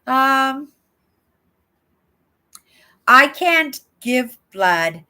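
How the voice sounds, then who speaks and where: An older woman from Canada hosts a casual livestream, reading comments aloud and talking back to viewers by name. Her voice sits a little high and bright, and she speaks slowly, with rambling asides and frequent "right?" tags. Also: sing-song. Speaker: livestream host.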